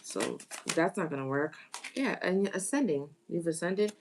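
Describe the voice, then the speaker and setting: A woman giving a live tarot reading, animated, with exclamations and phrases repeated for emphasis. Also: fairly low pitch, measured pace, vocal fry. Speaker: tarot reader.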